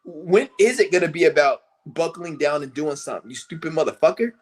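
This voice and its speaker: Male streamer, higher-pitched voice, angry profane monologue with mocking impressions. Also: a little fast. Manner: breaks into high mocking impressions of others. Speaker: livestream host. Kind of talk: profane rant to camera.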